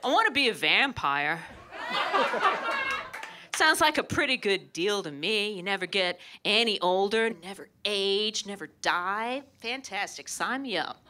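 Animated woman doing stand-up. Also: mid-range voice, a little slow, very noisy. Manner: wry, animated storytelling. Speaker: stand-up comedian. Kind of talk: stand-up comedy set. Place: comedy club stage. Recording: live club, audience laughter.

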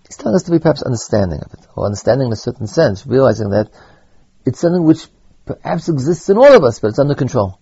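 A man teaching a Torah lesson, halting and repeating words as he thinks aloud, with Hebrew terms mixed in. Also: medium pitch, big pitch swings, gravelly, warm tone, slightly rough, no echo, muffled recording. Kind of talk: spoken Torah lecture.

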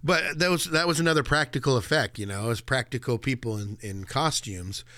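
A man's voice: medium pitch, fairly quick, sharp tone, no room sound. A man co-hosting a movie podcast, chatting casually and animatedly, laughing and acting out quotes. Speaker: podcast co-host.

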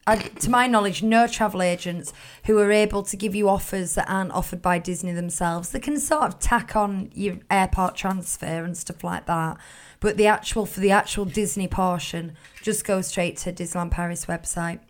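Woman answering listener chat. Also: medium pitch. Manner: reads listener chat questions and answers them practically. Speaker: podcast co-host. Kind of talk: casual podcast chat.

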